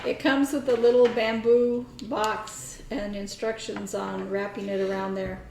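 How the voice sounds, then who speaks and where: A woman's voice: medium pitch, level tone, unhurried, vocal fry, warm tone, recorded from a distance, slight background noise. A woman co-hosting a casual crafting chat, wry and matter-of-fact about her own work. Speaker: podcast co-host. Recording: roomy echo.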